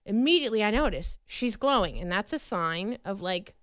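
A woman co-hosting a radio show, telling a story in a lively, self-mocking way. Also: medium pitch, normal speed, dry recording, studio quality. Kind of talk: casual chat and storytelling.

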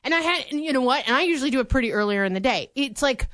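Animated, laughing woman radio co-host. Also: high-pitched, racing, no echo, clean studio sound. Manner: animated storyteller, laughs often. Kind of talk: casual radio chat.

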